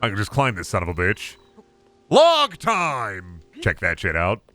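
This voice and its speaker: A young adult man streaming a game, joking and swearing, with sudden loud bursts. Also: fairly low pitch, a little slow, faint music behind. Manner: lively, swearing, jokey, shouts in bursts. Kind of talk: gameplay commentary.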